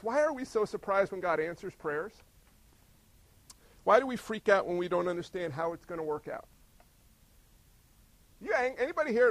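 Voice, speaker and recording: A man preaching a sermon with animated delivery, often asking his listeners questions and acting out voices. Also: sits high, no room sound, poor audio. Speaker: pastor.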